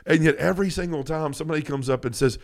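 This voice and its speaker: A man's voice: on the high side, quick pace. Earnest man talking faith, full of restarts. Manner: earnest and emotional, many restarts. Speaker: podcast co-host. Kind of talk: faith podcast talk.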